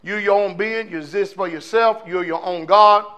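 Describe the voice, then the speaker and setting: Addressing his congregation, a pastor preaches forcefully and plainly, his fiery, conversational delivery peppered with rhetorical questions. His voice is high and bright, and his pace stays moderate.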